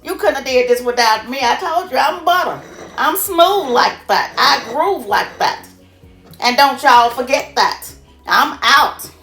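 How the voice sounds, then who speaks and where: A woman voicing a cocky, smooth-talking male stick of butter who brags about himself. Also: sits high, expressive, a little slow, a bit bright, roomy sound, faint music behind, pitched above the performer's own voice, heavily acted. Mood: boastful. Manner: boastful, swaggering, rhyming brags.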